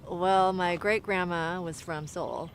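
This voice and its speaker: A woman acting a dry, deadpan role in a comedy sketch. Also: fairly low pitch, takes it slowly, slight background noise. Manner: dry, patient, deadpan replies.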